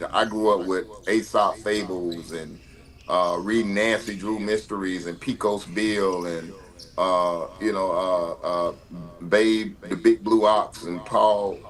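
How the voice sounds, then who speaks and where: Man in his fifties, lowish voice, animated storyteller who stumbles over his words. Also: a little slow. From Mississippi, US. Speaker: guest. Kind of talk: conversational storytelling.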